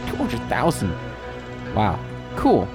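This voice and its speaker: A man's voice: mid-range voice, wildly swooping pitch, slow pace, over music. A man casually playing a video game, chatting and reading the on-screen text aloud. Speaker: game channel host. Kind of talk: let's-play commentary.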